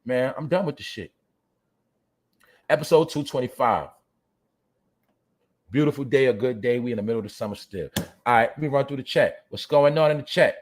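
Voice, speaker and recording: Man hosting a live commentary stream; medium-pitched, cursing, lecturing his viewers directly. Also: normal speed, long pauses. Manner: profane, blunt, preachy, talks straight to viewers. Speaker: show host. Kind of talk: livestream commentary rant.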